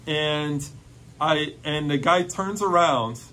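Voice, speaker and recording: A man telling a personal faith testimony in an excited, storytelling way, full of "like" fillers. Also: a little high, takes it slowly.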